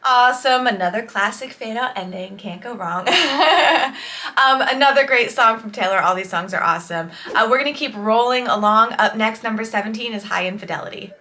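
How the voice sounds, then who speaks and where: A woman's voice: a little high, normal speed, sharp tone. A woman songwriter reacting to an album in casual, enthusiastic commentary, explaining songwriting tips as she goes.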